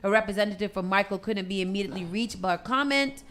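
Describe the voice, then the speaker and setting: A woman's voice: mid-range voice, quick pace, a bit bright. A woman hosting a morning radio show, reading entertainment news and riffing on it with sassy commentary. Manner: reads news items then riffs with sassy commentary. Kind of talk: casual morning radio chat.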